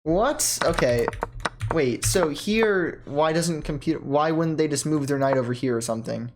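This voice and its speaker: Excitable chess player thinking aloud. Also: mid-range voice. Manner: excitable, thinks aloud with quick self-corrections. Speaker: chess player commenting on own games. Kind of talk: casual live chess commentary.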